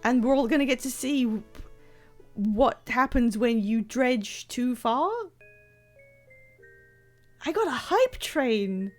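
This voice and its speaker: A woman chatting casually on a live stream while playing a game, excitable and self-deprecating, rambling from one thought to the next. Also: a little high, slow pace, long pauses, faint music behind. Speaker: livestreamer playing a video game.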